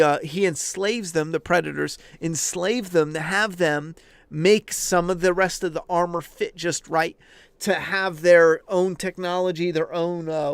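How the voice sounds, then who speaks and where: High gravelly-voiced man ranting. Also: dry recording. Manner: heavy swearing, emphatic and animated. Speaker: livestream host answering chat. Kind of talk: casual profane rant.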